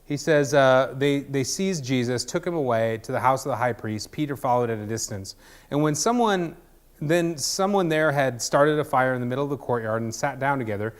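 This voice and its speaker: A man's voice: medium pitch, normal speed, clean tone. A man preaching a casual sermon, conversational and jokey, with many ums and restarts. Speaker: pastor.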